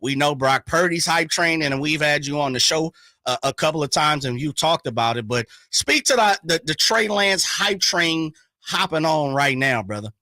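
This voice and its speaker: Bright-voiced hyped sports radio host. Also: male voice, on the high side, expressive, dry recording, clean studio sound. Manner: hyped, slangy, talks in quick bursts. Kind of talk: casual sports talk radio.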